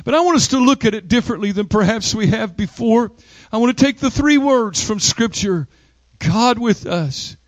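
A man with a strikingly high voice preaches a sermon, repeating phrases in a rhythmic call-and-response pattern. He swings from hushed, drawn-out words up to loud shouted declarations. The sound is close and dry, with almost no room echo. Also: expressive, muffled recording.

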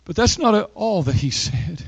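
A man preaching a sermon, emphatic, with dramatic pauses and sweeping rises in pitch. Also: very animated, breathy edge, dry recording.

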